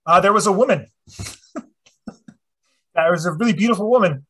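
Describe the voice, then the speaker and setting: Brief: husky man with a high voice, swearing as he spins a story. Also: normal speed. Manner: profane, animated storyteller. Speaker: presenter. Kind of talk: casual storytelling talk.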